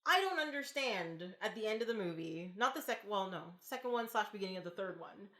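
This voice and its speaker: A woman's voice: medium pitch, lively intonation, a little fast, bright, forceful tone, echoey room. A woman hosting a podcast, chatting casually about films and asking lots of questions, with frequent filler words. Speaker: podcast host.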